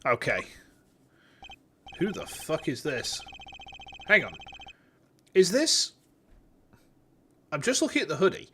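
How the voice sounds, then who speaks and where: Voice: medium pitch, wildly swooping pitch, slow pace, long pauses, pushed and bright, husky. A streamer chatting casually and joking, swearing freely and laughing while playing a story game. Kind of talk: casual let's-play commentary.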